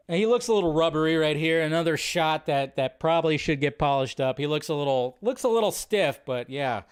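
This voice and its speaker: A man hosting a live stream, reacting to a movie trailer in an excitable, rambling way and swearing freely. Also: on the high side, fairly quick, hardly any pauses, clear, resonant tone. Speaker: host. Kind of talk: casual live-stream commentary.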